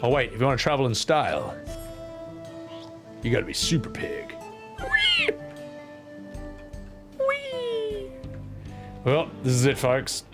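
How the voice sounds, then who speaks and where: A man's voice: medium pitch, lively intonation, normal speed, long pauses, music in the background. A young man streaming a game, rambling and joking at himself in casual commentary. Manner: rambling, jokey, self-mocking.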